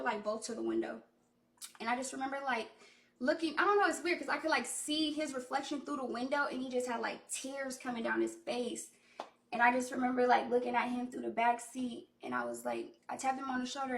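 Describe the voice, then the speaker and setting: A woman's voice: fairly high pitch, a little fast, creaky, far from the mic. A young woman, a recording artist, telling a loose, profane personal story full of "like," in an echoey room away from the mic. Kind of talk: casual story time.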